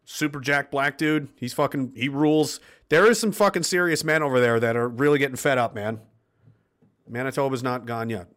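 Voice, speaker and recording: Here a livestream host reads comments from his chat and goes off on a heated, curse-filled political tirade. His voice is mid-range and a bit bright, at normal speed.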